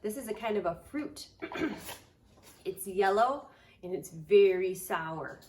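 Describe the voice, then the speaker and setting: A woman daycare teacher leading a preschool lesson, speaking in a slow, sing-song way for small children and dropping to soft whispers for surprises. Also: mid-range voice, expressive, a little hiss or hum.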